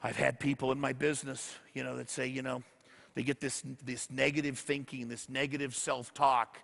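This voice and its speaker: In an echoey hall, a motivational speaker addresses an audience, telling stories and acting out the lines people said to him. His mid-range voice is gravelly and a bit bright, with little pitch movement, and he speaks at a normal speed.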